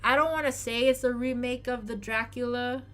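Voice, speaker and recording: Female co-host, casual live chat, blunt and ranting, bright tone. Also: on the high side, steady tone, moderate pace, faint music behind. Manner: blunt, emphatic, ranting with repeated apologies.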